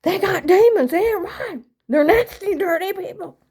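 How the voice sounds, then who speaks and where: A woman voicing her very old, devout, hot-headed mother, who yells and scolds and calls on the Lord. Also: expressive, normal speed. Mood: outraged. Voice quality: loud, screaming, shrill. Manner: preachy, scolding, calling on the Lord.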